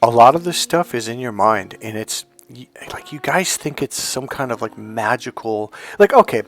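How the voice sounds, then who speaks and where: Middle-aged male coach talking casually, acting out dialogue as he tells stories; mid-range pitch, light music bed. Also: normal speed. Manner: storytelling, acts out dialogue, animated asides. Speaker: NLP trainer and hypnotherapist. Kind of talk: casual motivational talk.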